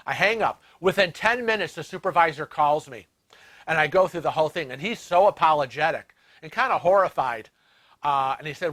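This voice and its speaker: Casting: man, bright, slightly high, indignant storyteller host. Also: moderate pace. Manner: indignant, animated retelling. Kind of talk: storytelling vlog.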